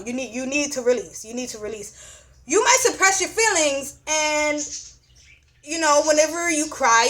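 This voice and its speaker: Young woman, high voice, blunt and profane, casual astrology talk with lots of filler phrases. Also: fairly bright tone. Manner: blunt, profane, repeats "you know what I'm saying". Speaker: astrology reader.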